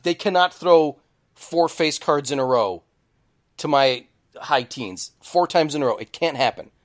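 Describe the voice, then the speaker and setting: A man co-hosting a casual podcast in a studio, telling animated stories and swearing freely. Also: on the high side, measured pace. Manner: animated storyteller, swears, shouts quoted lines. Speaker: podcast co-host. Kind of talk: casual chat, storytelling.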